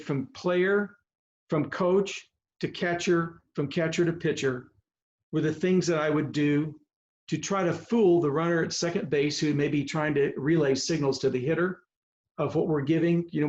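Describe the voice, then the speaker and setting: A man's voice: fairly high pitch, darkish tone. A man in his seventies, a veteran baseball coach, telling heartfelt stories on a video call in an earnest, rambling way. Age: 70s or older. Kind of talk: personal storytelling on a video call. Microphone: video call microphone. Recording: muffled video call audio.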